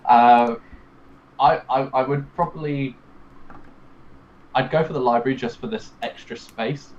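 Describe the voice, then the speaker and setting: A man's voice: medium pitch, highs cut off, a little hiss or hum. A man, a guest on a podcast, chatting casually with laughing, stammering restarts.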